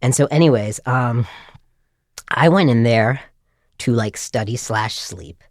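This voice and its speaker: Animated self-deprecating man telling a story. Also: medium pitch, slow pace, no echo, studio quality. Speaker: podcast co-host. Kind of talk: casual storytelling chat.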